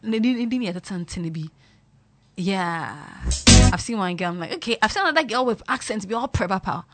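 A woman, chatting casually to her viewers in an animated way and mixing in local slang. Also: medium pitch, brisk. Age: 20s. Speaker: vlogger commenting on a reality show. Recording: loud music playing behind.

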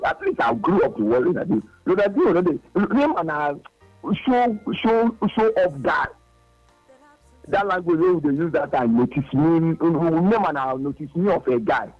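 Nigerian male caller, emphatic and repetitive, husky voice, muffled lo-fi line. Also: sits high. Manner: emphatic, repeats himself, mixes Pidgin with English. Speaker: radio caller. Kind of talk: phone-in call to a sports radio show. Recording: dull lo-fi phone line with faint music.

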